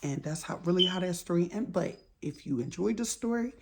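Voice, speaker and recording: A woman's voice: fairly low pitch, lively intonation, a little fast, noisy background. A woman in casual storytime vlog style, animatedly acting out both sides of an argument. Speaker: storytime vlogger.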